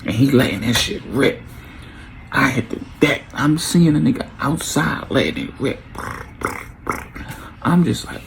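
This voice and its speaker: Gravelly young man telling a wild story. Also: medium pitch, normal speed, slight background noise. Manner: animated, acts out quotes with sound effects. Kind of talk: casual storytime vlog.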